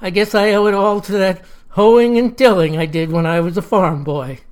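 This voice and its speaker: A woman's voice: medium pitch, fairly even intonation, moderate pace, a little mellow, clear, resonant tone, natural voice. A woman voicing a tall, cheerful man who talks in a folksy, hearty way.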